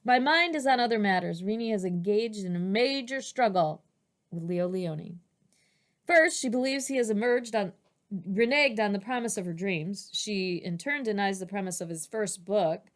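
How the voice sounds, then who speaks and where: A woman reads a book aloud at home in a steady, mid-pitched voice. She keeps an even reading manner and breaks off now and then for casual asides. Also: moderate pace. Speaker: reader. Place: home, with dogs nearby.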